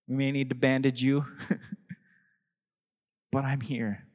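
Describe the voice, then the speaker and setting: Man, pastor, casual anecdotal sermon, mid-pitched voice, echoing hall reverb. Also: level tone, slow pace, long pauses, darkish tone. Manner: conversational and anecdotal, laughing between thoughts.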